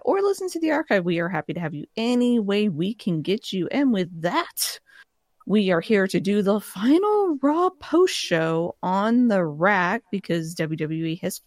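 A woman's voice: mid-range voice, very animated, moderate pace, dry recording, studio quality. A woman co-hosting an internet radio show, reading the welcome and plugs in an upbeat way.

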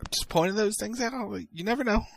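A man hosting a casual wrestling recap show, playful, with quick sponsor reads. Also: high voice, vocal fry, no room sound, poor audio. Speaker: host.

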